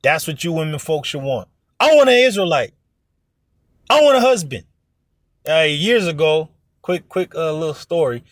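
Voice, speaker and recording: A man's voice: a little high, very animated, normal speed, long pauses, dry recording, studio quality. A man preaching informally to an online audience, blunt and profane, who acts out other people's voices in his stories. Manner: blunt, profane, emphatic exhortation. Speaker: religious teacher.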